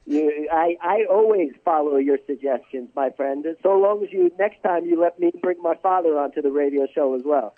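A man's voice: a little high, normal speed, few pauses. A man, a congressman, guest on a radio interview, pressing political talking points and restarting his sentences. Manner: combative political talking points, repeats words when starting. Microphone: telephone. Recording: tinny phone line.

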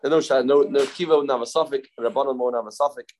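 A man's voice: mid-range voice, steady tone, quick pace, a little mellow. Man thinking aloud through a Talmud class. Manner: thinking aloud, repeating phrases, mixing Hebrew terms into English. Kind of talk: informal Talmud lesson.

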